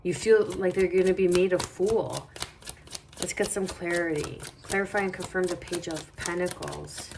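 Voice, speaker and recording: Low-pitched female tarot reader, meandering and reassuring, faint hiss under the voice. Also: normal speed, creaky. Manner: meandering, reassuring, thinks aloud. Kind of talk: casual tarot reading.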